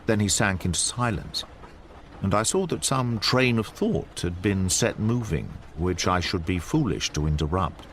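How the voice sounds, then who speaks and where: Expressive male audiobook narrator. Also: low voice, normal speed, slight background noise. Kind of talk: storytelling narration for sleep. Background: faint train cabin ambience.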